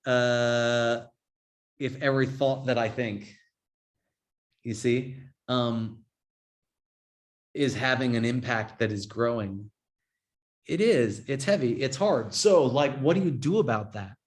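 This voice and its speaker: Guy teaching a relaxed dharma class, talks loose and chatty, keeps saying right. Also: medium pitch, slow, long pauses. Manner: casual, chatty, says "right?" a lot. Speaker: yoga and Buddhism teacher. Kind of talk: informal class talk.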